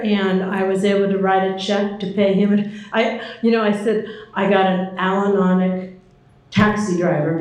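A woman's voice: medium pitch, darkish tone. An older woman sharing her recovery story at a meeting, chatty and self-deprecating, laughing often, with many ums. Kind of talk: personal recovery talk. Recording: very echoey hall with faint noise.

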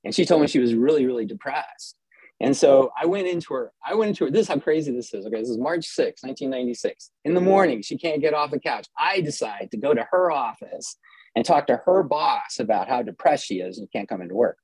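Give me a husky middle-aged man candidly recounting his own story, wry and self-deprecating, in a dry, close recording. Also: medium pitch, expressive, quick pace, darkish tone, dry recording, low-quality recording. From Southern California. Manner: wry, self-mocking, with frequent restarts and chuckles. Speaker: storyteller sharing personal recovery story.

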